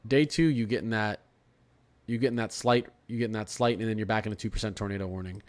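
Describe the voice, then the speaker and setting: A man's voice: lowish voice, fairly even intonation, fast. A young man from Florida hosting a live weather stream, talking casually about forecasts, repeating and restarting phrases as he reads chat. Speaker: weather livestream host.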